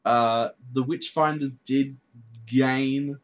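A man's voice: medium pitch, steady tone, takes it slowly. A man hosting a podcast in casual chat, earnestly running through viewing figures. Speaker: podcast host. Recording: slightly dull lo-fi mic with faint noise.

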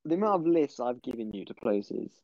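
Young male co-host, animated and jokey, lo-fi call audio. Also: mid-range voice, brisk, no echo. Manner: lively, jokey, mock-confident. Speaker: podcast co-host. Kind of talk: casual chat among friends. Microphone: online voice call. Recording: dull, dry lo-fi call mic.

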